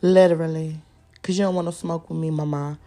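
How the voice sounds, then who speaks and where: A woman's voice: low-pitched, fairly even intonation, fast talker, mellow. A young adult woman hosting a solo podcast, ranting in a profane, confrontational way and repeating lines for emphasis. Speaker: podcast host.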